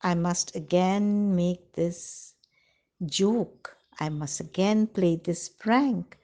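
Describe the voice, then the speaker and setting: A woman voicing a mischievous little shepherd boy who cries out in a high, shrill voice. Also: takes it slowly, mellow. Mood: scheming.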